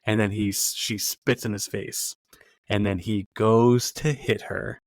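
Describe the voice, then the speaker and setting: A man hosting a podcast, casually recapping a film scene and acting out its lines in a quieter voice. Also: on the low side, flat delivery, unhurried, no echo. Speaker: podcast host.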